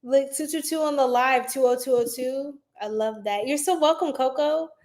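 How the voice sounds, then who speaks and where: Her voice sits high and is a little mellow, at normal speed, though the audio is poor. Hosting a laid-back tarot card reading on a phone livestream, she rambles chattily with lots of fillers and speaks to viewers as "y'all."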